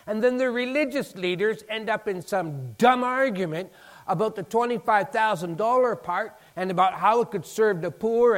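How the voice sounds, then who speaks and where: Guy preaching, lively and a bit high pitched, acts out the dialogue. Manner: animated, rising to emphatic peaks, acting out dialogue. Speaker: pastor. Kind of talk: sermon.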